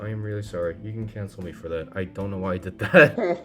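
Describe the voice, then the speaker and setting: A man casually reviewing a model kit, playful and self-deprecating, with frequent excited exclamations. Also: lowish voice, moderate pace, faint music behind. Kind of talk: casual hands-on product review.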